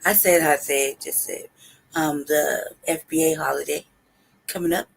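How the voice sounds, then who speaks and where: Black woman on a live stream, gravelly voice, joking and talking trash, laughs a lot. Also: low-pitched, steady tone, normal speed. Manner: laughing, playful boasting, trash talk. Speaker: co-host of a live stream talk show. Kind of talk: casual live-stream chat.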